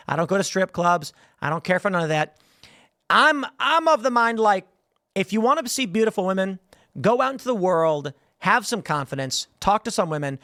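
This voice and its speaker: A man's voice: sits high, sharp tone, no echo, clean studio sound. A man hosting his own show, giving rambling, emphatic opinion commentary and speaking straight to his listeners. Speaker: show host.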